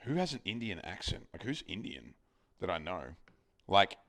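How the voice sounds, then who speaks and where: A man's voice: deep voice, big pitch swings, normal speed, a bit bright. An Australian man streaming while cooking at home, bantering loosely with his chat and swearing casually. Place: home kitchen.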